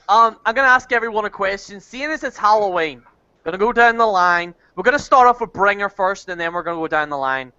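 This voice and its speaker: A man's voice: sits high, animated, a little fast, bright, forceful tone, smooth, no room sound, dull audio. A man hosting a loose, chatty group video call, often laughing. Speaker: host. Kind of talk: casual group video chat.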